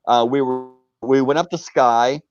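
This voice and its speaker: A middle-aged man from the United States, a guest on a live video chat, telling stories in a casual, animated way and acting out the quotes. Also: mid-range voice, measured pace, dry recording, dull audio. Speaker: interview guest. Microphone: video call.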